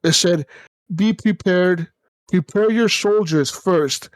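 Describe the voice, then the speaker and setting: A man co-hosting a casual gaming podcast, telling stories in an animated, profane way with sudden jumps up in pitch. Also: takes it slowly, dry recording. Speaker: podcast co-host.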